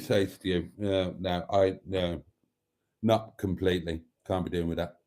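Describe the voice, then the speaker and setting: Mellow British man bantering on a livestream. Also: deep voice, steady tone, unhurried. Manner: reads viewer comments aloud and banters back; chuckling, joking, often clears his throat. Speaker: livestream host. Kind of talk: casual livestream chat.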